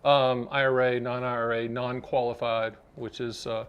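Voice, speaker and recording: A man's voice: medium pitch, little pitch movement, normal speed, a bit bright, clear, resonant tone, dull audio. Joking man hosting a finance vlog. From Southern United States. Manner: jokey, chatty, salesy, addresses the viewer directly. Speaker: annuity advisor and show host. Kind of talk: direct-to-camera explainer vlog.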